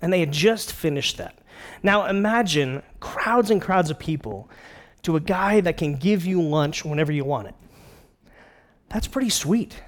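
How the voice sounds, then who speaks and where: A man's voice: a little high, expressive, measured pace. A middle-aged man preaching a casual sermon, retelling a scripture story with jokes and playful quoted voices. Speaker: pastor.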